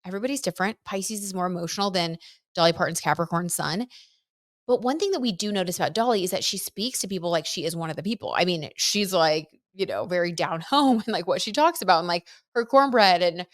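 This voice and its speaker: A woman's voice: on the low side, quick pace, dry recording, clean studio sound. A woman hosting a casual astrology talk, chatty and effusive, with lots of "like" as she goes. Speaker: astrology and tarot host.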